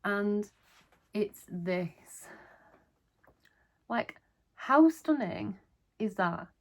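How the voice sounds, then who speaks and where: Slow, gushing woman vlogger. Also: medium pitch, expressive. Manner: gushing, enthusiastic. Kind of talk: casual haul video chat.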